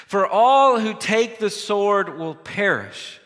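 A preacher acting out a stern grown man scolding a band of armed men, his voice high and bright as it mocks them with sharp sarcasm. The taunts ring out through a hall with a long echo. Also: lively intonation, slow pace, full character voice. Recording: long reverb of a large hall.

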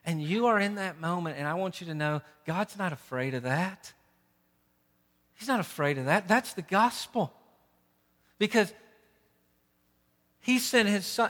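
A man preaching a sermon, impassioned and rising loud on key phrases. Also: fairly high pitch, measured pace, long pauses, long reverb tail. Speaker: pastor.

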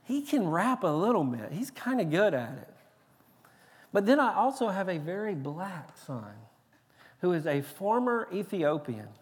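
A man with a Tennessee Southern accent preaches a sermon from a large church sanctuary. His voice sits high for a man, and he talks in a lively, joking, emphatic way, often restarting his words. Long reverb from the big hall trails after every phrase. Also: unhurried, husky. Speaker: pastor.

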